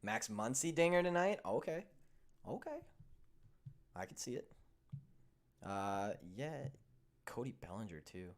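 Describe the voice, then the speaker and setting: Animated, profane young male show host. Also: mid-range voice, a little slow, long pauses. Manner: animated, profane storytelling that swings from heated to grumbling. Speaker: sports betting show host. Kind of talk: casual chat.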